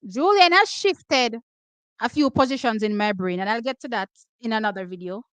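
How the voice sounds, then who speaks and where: A high, bright Jamaican woman reacts to the races at full volume, hoarse and nearly out of voice. She jumps between patois and English as she cheers and breaks things down. The sound is close and dry, with no room around it. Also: normal speed, no echo, rough recording. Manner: excitable, loud exclamations, switching between patois and English. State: hoarse, losing her voice. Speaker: track and field watch-party host. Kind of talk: live race reaction commentary.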